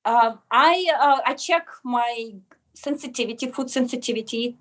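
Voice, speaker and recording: A woman from Russia with a Russian accent, a wellness clinic pharmacist answering interview questions earnestly, often pausing on "uh" and "um". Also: fairly high pitch. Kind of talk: casual interview.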